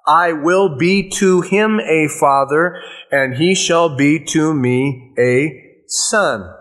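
A male pastor teaching an expository sermon, working through scripture verse by verse and slowing down to quote passages. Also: a little high.

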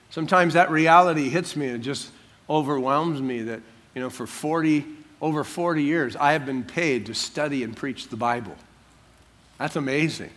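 Animated older male pastor preaching. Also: on the high side, normal speed. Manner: animated, acts out quotes, jokey asides. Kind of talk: sermon.

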